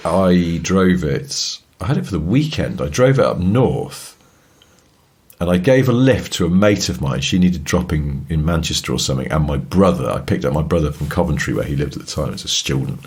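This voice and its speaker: English male podcast co-host, low voice, very animated intonation, anecdotal. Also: moderate pace, husky. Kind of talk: casual chat.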